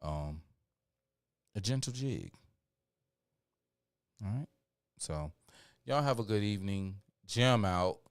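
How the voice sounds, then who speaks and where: A tired man signs off his livestream with a very low, smooth voice. He talks casually, with plenty of fillers and shout-outs, into a dry, close mic. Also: lively intonation, takes it slowly, pauses often, dry recording. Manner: preachy build-up then laid-back rambling. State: tired, yawning. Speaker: livestream host.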